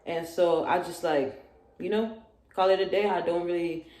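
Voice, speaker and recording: A young woman vlogging a storytime about college life, telling it in an animated way and acting out the loud quotes. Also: fairly low pitch, moderate pace. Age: young adult. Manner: animated, acts out yelled quotes. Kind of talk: storytime vlog. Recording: echoey room, faint noise.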